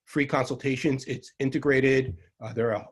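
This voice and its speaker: A man's voice: mid-range voice, fairly even intonation, moderate pace, slightly rough. Dry sarcastic older man with a Long Island accent. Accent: Long Island New York. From Long Island, New York. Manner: dry, sarcastic, rambling with many ums. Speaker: herbal medicine teacher. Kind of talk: online lecture.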